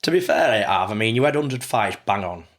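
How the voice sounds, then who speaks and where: A man's voice: fairly low pitch, expressive, brisk. A man co-hosting a podcast, encouraging the guest and calling him "mate". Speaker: podcast co-host. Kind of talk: casual podcast chat.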